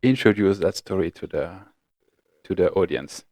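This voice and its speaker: Co-host: man with a lowish, mellow voice, halting and quizzing his partner. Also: expressive, dry recording, clean studio sound. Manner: prompting with short questions, halting. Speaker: podcast co-host. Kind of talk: casual chat.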